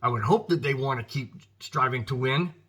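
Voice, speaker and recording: A man's voice: mid-range voice, normal speed, a bit bright, breathy edge. A man with an American accent hosting his own football show, giving emphatic, frustrated commentary and talking straight to his viewers. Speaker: sports podcast host.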